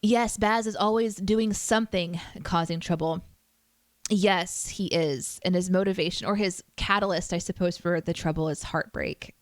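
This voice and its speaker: A woman's voice: lowish voice, fairly even intonation, moderate pace, no echo. A woman streamer chatting casually with her viewers, reading chat aloud and teasing herself. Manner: chatty, self-deprecating, reads chat aloud.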